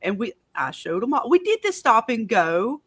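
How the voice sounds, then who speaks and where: A podcast co-host in relaxed, agreeable casual chat. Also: medium pitch, normal speed, husky.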